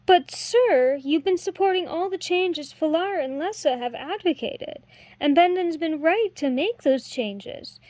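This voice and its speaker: A woman's voice: very high-pitched, expressive, unhurried, a little mellow, no echo, voice pushed up. A woman voicing an earnest young woman harper.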